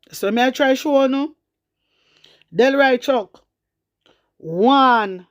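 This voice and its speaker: A woman with a Jamaican accent giving fiery political commentary, slipping between Patois and English and throwing in repeated rhetorical questions. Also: sits high. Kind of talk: opinionated commentary vlog.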